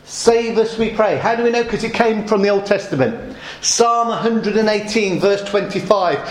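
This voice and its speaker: A man preaches in a lively, rhetorical way, calling out the crowd's cries and answering his own questions. His voice sits fairly high for a man. The sound rings around an echoey church hall. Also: normal speed. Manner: animated, rhetorical questions, acts out crowd shouts. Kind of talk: sermon.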